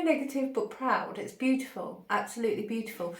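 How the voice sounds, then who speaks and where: A woman's voice: mid-range voice, slight background noise. Gushing, dreamy woman in a roomy echo. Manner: dreamy, gushing, pauses to receive words. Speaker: spiritual channel host. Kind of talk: intuitive channeled message reading.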